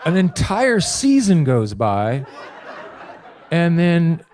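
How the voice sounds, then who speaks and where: A man's voice: a little high, very slow, a faint crowd. Man telling showbiz stories animatedly. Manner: animated storyteller who acts out quotes. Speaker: guest comedian. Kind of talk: casual anecdote telling.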